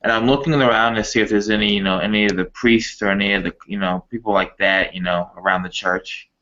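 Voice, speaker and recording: A man casually describes what his character does at a tabletop game. His voice is low-pitched but bright and forceful. The recording is dull and lo-fi. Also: steady tone, fast talker. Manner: casual, narrating his actions. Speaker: player.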